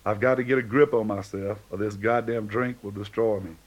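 A man doing a gruff brooding young man. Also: fairly low pitch, steady tone, brisk, highs cut off, natural voice. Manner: gruff, muttering.

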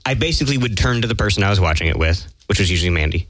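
A man co-hosting a casual podcast chat, animated and a bit profane, often mimicking voices. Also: on the low side, racing, no room sound. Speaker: podcast co-host.

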